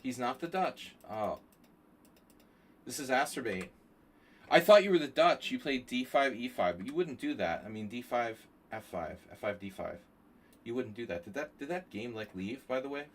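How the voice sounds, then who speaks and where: An expressive man with a mid-range voice streams blitz chess live at a moderate pace. As he plays, he talks through his moves and chats with the people watching.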